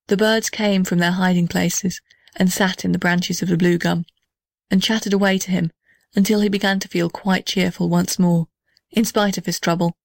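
A woman reading a children's storybook aloud in a gentle, measured way. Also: lowish voice, gravelly, no room sound, clean studio sound. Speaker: narrator.

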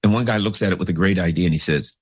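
A man's voice: racing, slightly rough, dry recording, clean studio sound. A man giving a rambling, casual commentary monologue, acting out the people in his stories. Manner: rambling, animated, swoops into big pitch jumps; acts out characters in anecdotes.

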